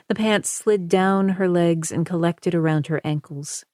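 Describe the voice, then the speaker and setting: A woman narrates an audiobook with a low, slow and measured voice. Her tone is dark and mellow, and the dry studio sound has no room echo. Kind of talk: scripted narration.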